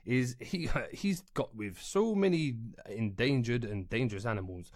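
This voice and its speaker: A man's voice: medium pitch, animated, moderate pace, no room sound, clean studio sound. A young man hosting a podcast, chatting casually in a rambling, sweary and heartfelt way. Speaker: podcast host.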